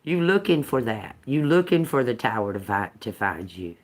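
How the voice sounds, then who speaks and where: A woman's voice: rumbling low, big pitch swings, moderate pace. A woman doing a casual tarot reading, swearing, laughing often and talking to viewers as y'all. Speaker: tarot reader. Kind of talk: casual live tarot reading, reacting to chat.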